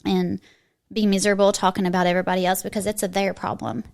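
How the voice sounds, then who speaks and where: A woman speaks with a strong eastern Kentucky twang at a middling pitch. She talks in a chatty, emphatic way, doubling back and restarting mid-sentence as she makes her point. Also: level tone, quick pace, gravelly, darkish tone. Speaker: guest. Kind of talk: casual interview chat.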